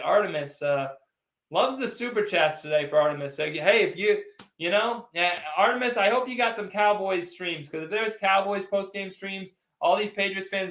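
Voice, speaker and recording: A man with a high, somewhat bright voice runs a casual postgame sports livestream from an echoey room. He wanders from topic to topic, teasing and responding straight to what viewers type in chat.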